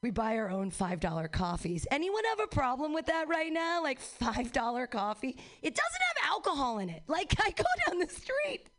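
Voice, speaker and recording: A young woman doing a stand-up comedy set, rambling and profane, with quick self-mocking asides. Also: high-pitched, big pitch swings, a bit bright.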